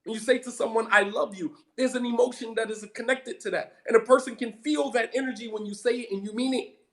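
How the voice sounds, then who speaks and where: Heated high-voiced preacher man. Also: steady tone, fast. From United States. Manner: heated, emphatic, repeats for emphasis. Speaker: Muslim preacher. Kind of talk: impassioned lecture.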